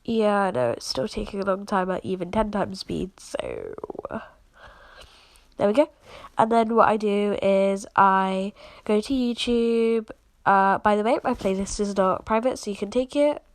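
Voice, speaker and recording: A woman's voice: medium pitch, animated, measured pace, no room sound. Coughing sick woman, chatty vlog. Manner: chatty and apologetic, lots of fillers. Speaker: video creator showing her editing process. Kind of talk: casual screen-recording walkthrough.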